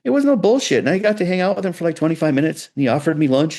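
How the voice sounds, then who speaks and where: A man's voice: a little high, very fast. Chatty middle-aged man telling stories. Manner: animated storyteller, loose and chatty with many restarts. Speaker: guitar builder guest. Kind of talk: casual storytelling interview.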